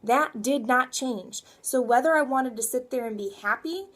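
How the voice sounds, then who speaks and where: A young woman coaching her viewers in a motivational vlog. Her voice sits a little high, and she talks earnestly, wandering and circling back, then pressing her points with emphasis. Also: moderate pace, fairly bright tone. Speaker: fitness coach.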